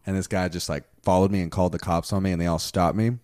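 A man's voice: sits low, fairly even intonation, fast, darkish tone, no room sound, clean studio sound. A young man in his twenties telling a crude, rambling story full of "like" fillers in casual chat.

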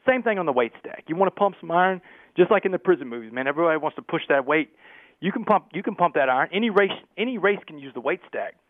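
A man telling a gripping personal story as a podcast guest, animated and peppering his talk with "man". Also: fairly high pitch, no room sound. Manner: fast, animated storyteller, keeps saying "man". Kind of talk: storytelling interview. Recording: tinny phone-like line.

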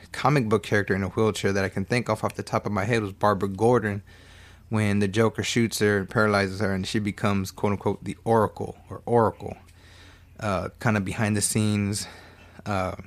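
A man in his thirties casually recapping a movie, rambling and swearing with joking asides. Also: fairly low pitch. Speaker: movie reviewer.

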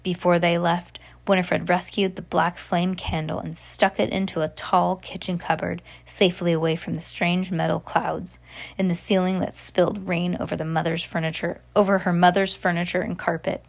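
A woman reading a novel aloud, narrating at a steady pace with occasional slips and restarts. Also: lowish voice, normal speed, gravelly. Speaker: reader.

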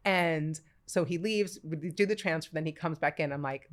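A woman in her forties, a podcast guest telling her story in casual chat, animated and full of acted-out quotes and laughter. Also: sits low, moderate pace, hardly any pauses.

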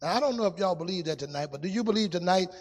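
A man preaching a testimony sermon in a sing-song style, dropping to a hush and rising to shouts. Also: sits high, lively intonation, rapid-fire, in a large hall.

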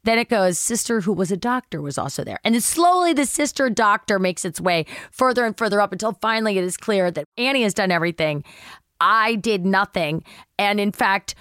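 Speaking a little quickly in a medium-pitched voice, a middle-aged actress on a podcast animatedly recounts a casual story, performing the others' lines and swearing casually. The studio-quality audio has no room sound.

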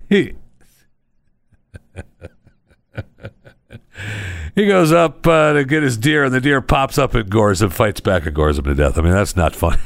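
A man hosting a casual comedy podcast, telling odd news stories in a rambling, deadpan way with lots of pauses. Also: deep voice, dry recording, clean studio sound. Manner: rambling storyteller, many uh fillers, deadpan. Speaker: podcast host.

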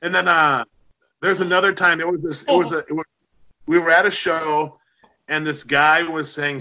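A man's voice: on the high side, steady tone, moderate pace, pushed and bright, muffled recording. A middle-aged man telling rambling, anecdotal stories as a guest in casual conversation. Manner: chatty, anecdotal, many fillers. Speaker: podcast guest. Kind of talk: casual storytelling.

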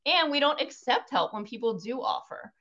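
Bright-voiced woman, emphatic podcast guest. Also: a little high, normal speed. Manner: emphatic, animated, swears casually. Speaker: guest, postpartum mindset coach. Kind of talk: casual podcast interview. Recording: slightly dull lo-fi sound with faint noise.

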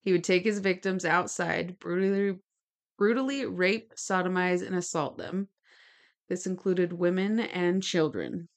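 A woman with a somewhat low voice tells a true-crime story on a casual podcast. She reads from her notes and breaks off into chatty asides. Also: unhurried. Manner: gestures while talking. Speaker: podcast co-host.

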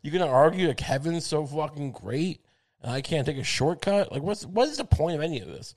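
A man's voice: a little high, animated, fairly quick, a little mellow. Rambling, profane comedic male podcaster. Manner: rambling, profane, stammering restarts; acts out quoted voices in bits. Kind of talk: crude comedic monologue.

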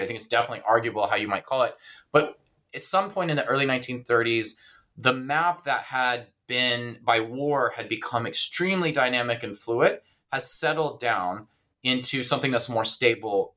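A man's voice: medium pitch, pushed and bright. A man, an author and historian, explaining his book in an interview, thoughtful and hesitant with many fillers and restarts. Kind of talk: academic interview talk.

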